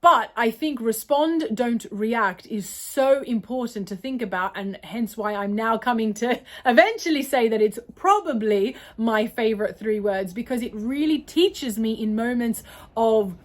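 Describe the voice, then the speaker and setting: A woman's voice: fairly high pitch, expressive, measured pace. An Australian woman answering viewer questions in a casual, rambling way, often apologizing and correcting herself. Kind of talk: casual Q&A monologue.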